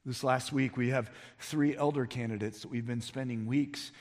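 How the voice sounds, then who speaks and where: A man's voice: medium pitch, fairly even intonation, normal speed. Emphatic preaching man in a reverberant hall. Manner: emphatic preaching, rising to near-shouts. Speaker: pastor. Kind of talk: sermon. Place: church sanctuary. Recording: long reverb of a large hall.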